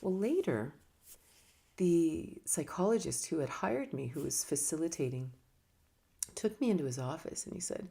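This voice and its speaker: A woman's voice: deep voice, lively intonation, normal speed, vocal fry, warm tone. A woman yoga and meditation teacher talking casually about teaching, her voice swooping up and down as she talks with her hands. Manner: laughs now and then. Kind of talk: casual reflective talk.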